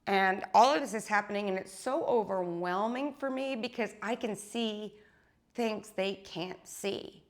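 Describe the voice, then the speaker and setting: A woman speaks as a spiritual teacher in an intense, unfiltered monologue to her followers. She is blunt and swears freely, and she keeps checking in with a quick tag question. Her voice sits at an ordinary middle pitch.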